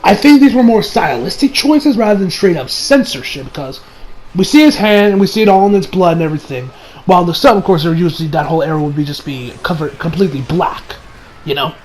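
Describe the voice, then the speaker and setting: A man's voice: high voice, lively intonation, fast talker, darkish tone, rough recording. A man giving a casual, rambling video review of an anime, full of fillers, restarts and swearing.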